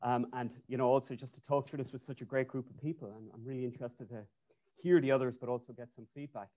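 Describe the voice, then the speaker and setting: This Irish architect speaks at a medium pitch with little pitch movement, quickly and in a mellow tone. He gives a loose, conversational webinar presentation over a video call, full of restarts and fillers, and the call audio is dull and lo-fi.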